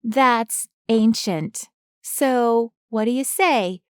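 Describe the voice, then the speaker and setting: A cheeky nine-year-old girl, smug and playful, her voice bouncing high and light, as a woman narrator puts her on. She sounds smooth and close, with no room around her. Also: very slow, dry recording. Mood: teasing. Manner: teasing, bouncy kid voice.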